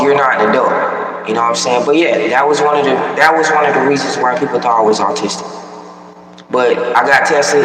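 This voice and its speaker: A man's voice: mid-range voice, noisy background. A young man with a youthful, almost childlike voice, talking frankly and rambling about himself in a casual monologue. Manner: rambling, frank, repeats "you know what I'm saying". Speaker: vlogger. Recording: echoey room, far from the mic.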